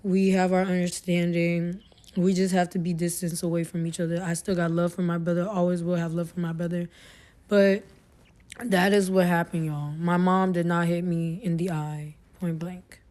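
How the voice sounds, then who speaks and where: A woman's voice: lowish voice, little pitch movement, normal speed, a little mellow. Young woman rambling into her phone. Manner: rambling and slangy, addresses viewers directly. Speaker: TikTok storyteller. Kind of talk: casual storytime rant.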